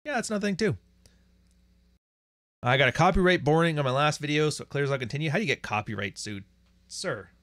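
On this livestream, a man rants crudely and bluntly with plenty of profanity, pausing to read viewer chats aloud. His voice sits a little high and sounds expressive and fairly bright, moving fast but broken by long pauses, with no echo.

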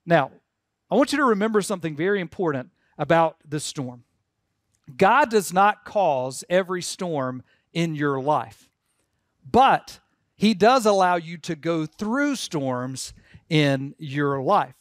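A male pastor with a highish, animated voice preaches slowly and earnestly, leading the congregation in call-and-response as they repeat words aloud. The recording is studio quality with no echo.

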